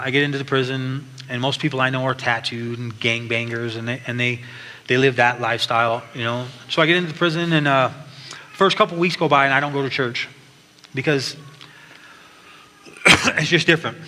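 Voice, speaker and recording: A man's voice: medium pitch, pushed and bright. A man giving an earnest personal testimony at church, telling his story with frequent restarts. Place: large church hall. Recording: long hall reverb, faint background noise.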